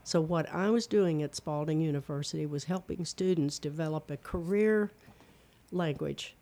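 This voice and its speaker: A woman's voice: deep voice, normal speed. Older Eastern Kentucky woman storyteller. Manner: animated storyteller, demonstrates voices. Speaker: guest, retired speech and theater teacher. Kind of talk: casual interview chat.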